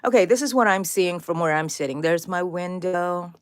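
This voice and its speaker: A woman's voice: on the low side, normal speed. A middle-aged woman, chatting casually on a crochet livestream from her craft room and greeting viewers by name. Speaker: crochet channel host.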